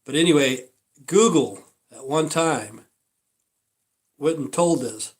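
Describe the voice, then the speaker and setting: A man's voice: a little high, expressive, takes it slowly. Rambling older man, salty talk. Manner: rambling, profane, repeats himself. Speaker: livestream host. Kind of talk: casual livestream monologue.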